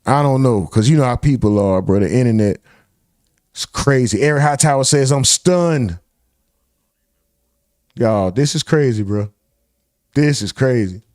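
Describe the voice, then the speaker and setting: A man's voice: medium pitch, lively intonation, measured pace, pauses often, a little mellow, no room sound, studio quality. A young man hosting a live reaction stream, reacting in disbelief, swearing and reading chat comments aloud.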